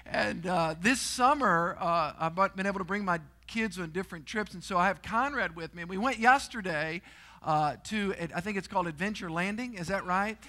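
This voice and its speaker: A middle-aged man preaching a sermon in a church, telling stories with animated energy and sudden shouts. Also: high-pitched, normal speed. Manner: storytelling, animated, shouts and screams for effect. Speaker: guest preacher. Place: church auditorium.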